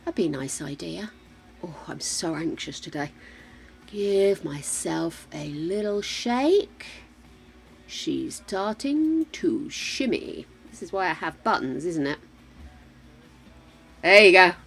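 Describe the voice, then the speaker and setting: A woman's voice: on the low side, big pitch swings, slow pace, vocal fry, pauses often, fairly bright tone, soft background music. An English woman streaming a game, chatting casually and thinking aloud as she plays, laughing often. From England. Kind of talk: casual chat while playing.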